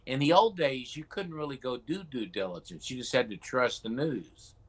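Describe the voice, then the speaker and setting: A man co-hosting a talk show, chatting in an animated, casual way. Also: mid-range voice, normal speed, slightly rough. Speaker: co-host.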